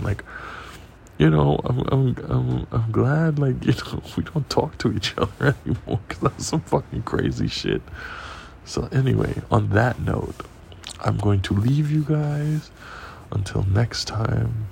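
A man hosting a podcast, telling a profane, animated story in casual monologue. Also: mid-range voice, a little slow, vocal fry, slight background noise. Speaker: podcast host.

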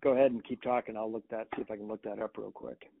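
A man's voice: lowish voice, fairly even intonation, quick pace, vocal fry, a little hiss or hum. A man chatting casually about a film, hesitant with many restarts and fillers. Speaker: movie podcast co-host. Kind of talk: casual chat. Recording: tinny phone-like line.

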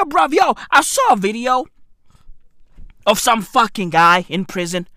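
A man doing a profane comedic rant in a mock-outraged tone, shouting at times. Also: moderate pace, no echo. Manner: animated, swearing, exaggerated mock outrage, repeats "bruv"; breaks into shouts and squeaky high-pitched bursts.

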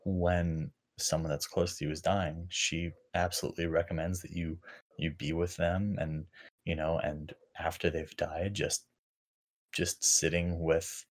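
Low-voiced man musing haltingly. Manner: halting, full of fillers and restarts. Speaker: podcast co-host. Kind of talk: casual reflective chat.

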